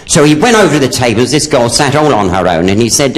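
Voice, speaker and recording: A drag comedian on stage, a man telling camp, gossipy stories. His pitch leaps all over the place as he swings between chatty narration and sudden punchlines. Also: very animated, quick pace, few pauses, a bit bright. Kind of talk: stand-up comedy storytelling.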